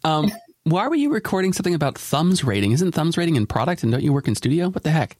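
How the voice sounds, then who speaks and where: Man, podcast host, casual chat, rapid talker, dry close sound, laughs a lot. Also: on the high side, dry recording. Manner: fast, animated, laughs often.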